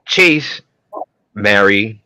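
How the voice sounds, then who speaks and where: A man co-hosts a podcast, talking casually and bouncing all over his range as he acts out scenes. His tone is bright and sharp. The mic is close and dry, with no room around him. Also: drawn-out words, clean tone, no room sound, poor audio. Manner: animated, acts out characters with sudden high-pitched voices. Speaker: podcast co-host. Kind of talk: casual chat recapping a TV episode.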